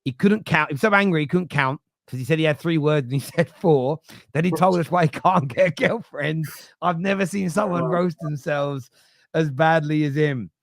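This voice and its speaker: A man's voice: fairly high pitch, normal speed, gravelly, no echo, clean studio sound. Jokey male stream host. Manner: jokey, reads chat messages aloud. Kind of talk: live stream fan chat.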